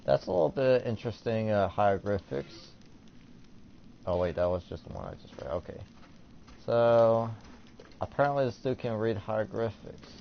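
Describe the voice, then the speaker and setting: A man's voice: lowish voice, animated, normal speed, vocal fry, long pauses. A teenage boy casually commentating his gameplay, rambling with lots of fillers and reading game text aloud. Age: teens. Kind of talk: casual let's-play commentary. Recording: dull lo-fi mic with faint noise.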